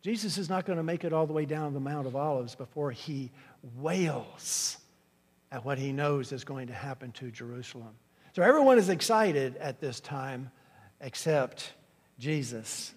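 A man's voice: mid-range voice, expressive, normal speed, breathy edge, in a large hall. A man preaching an expository sermon, teaching earnestly and often restarting his sentences. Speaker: pastor.

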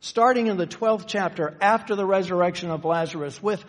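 A man preaching a sermon, teaching conversationally and shifting from slow, stressed phrases to quick asides. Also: sits high. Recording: long reverb of a church hall.

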